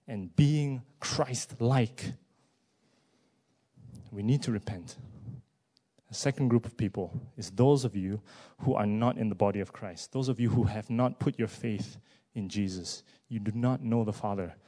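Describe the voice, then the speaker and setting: A man preaching a sermon, asking many rhetorical questions and moving between hushed words and loud rising emphasis. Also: on the low side, a little slow.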